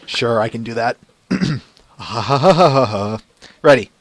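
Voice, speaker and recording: A man's voice: mid-range voice, expressive, drawn-out words. A man hosting a podcast, chatting casually and laughing often. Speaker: podcast host. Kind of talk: casual chat.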